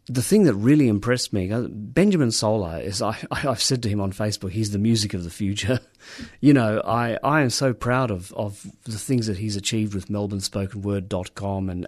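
A man's voice: on the low side, darkish tone, no echo, clean studio sound. A man co-hosting a radio program, chatting casually and enthusiastically, with lots of hesitations and restarts. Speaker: radio co-host. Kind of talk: casual on-air chat.

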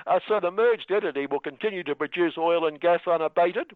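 A man's voice: high-pitched, fairly quick, dry recording, pitched above the performer's own voice, lightly acted. A man voicing a persistent interviewer, in a skit. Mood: probing. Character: male interviewer, doggedly probing. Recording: tinny phone-like radio sound.

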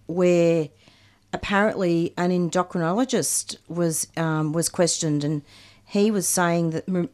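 A woman hosting a radio interview, speaking emphatically with quick interjections. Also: fairly low pitch, a little mellow. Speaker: radio host.

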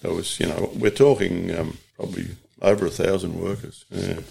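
A man's voice: low voice, steady tone, normal speed, gravelly, darkish tone, a little hiss or hum. An older Australian man, a union organiser, telling stories from his working life in a plain-spoken, rambling way in an interview. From Latrobe Valley, Australia. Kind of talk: reflective interview storytelling.

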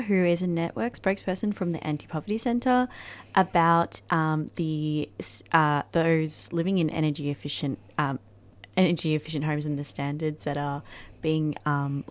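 A woman co-hosting a community radio show recaps the morning's interviews. Her voice is on the low side, and she stumbles through with frequent ums and restarts. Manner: hesitant, many ums and restarts. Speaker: radio co-presenter.

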